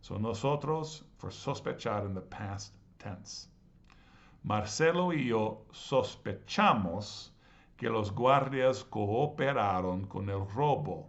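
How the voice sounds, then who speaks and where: A man teaching a language class, patiently walking through exercises and slowly sounding out words syllable by syllable. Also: on the low side, expressive. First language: English. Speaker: Spanish teacher. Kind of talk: explaining grammar exercises. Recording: slightly dull lo-fi audio.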